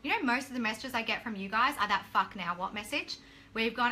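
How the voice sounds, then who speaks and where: A woman's voice: fairly high pitch, quick pace, pushed and bright. A woman business coach giving a blunt, casual motivational talk, swearing freely and acting out what people say.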